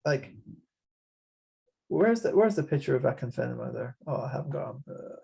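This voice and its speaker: A man's voice: mid-range voice, lively intonation, moderate pace, creaky, warm tone, breathy edge. A man with an Irish accent hosting a casual fantasy football chat, rambling along with frequent restarts and repeated words. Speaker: podcast host.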